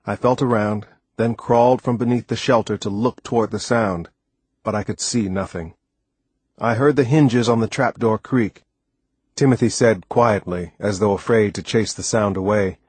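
A man reading a book aloud as narrator, in a measured, plain storytelling manner. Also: on the low side, husky, no room sound. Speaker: audiobook narrator. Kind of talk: scripted narration.

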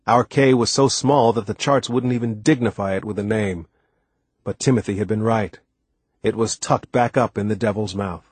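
Husky man narrating an audiobook. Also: fairly low pitch, no echo. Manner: steady, measured reading. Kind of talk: scripted narration.

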